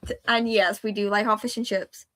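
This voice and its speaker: A woman's voice: medium pitch, little pitch movement, brisk, a bit bright. A speaker with a woman's voice and a British accent, chatting casually on a livestream in a rambling, giggly way. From Britain. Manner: rambling, giggly, easily sidetracked. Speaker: livestream host.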